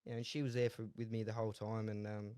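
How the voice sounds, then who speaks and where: A man's voice: lowish voice, level tone, fast talker, a little mellow, clear, resonant tone, dry recording. A man in his twenties with an Australian accent, speaking as a guest in a casual interview, rambling and laughing often as he tells stories. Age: 20s. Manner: laid-back, rambling, laughs often, repeats words. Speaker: guest, jockey and horse trainer.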